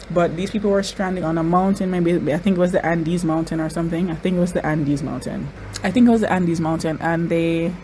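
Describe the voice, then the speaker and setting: A woman hosting a reaction video, talking excitedly and repeating her exclamations, tearful at times. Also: fairly low pitch, a little hiss or hum, low-quality recording. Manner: exclaiming, repeats phrases, says y'all. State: crying.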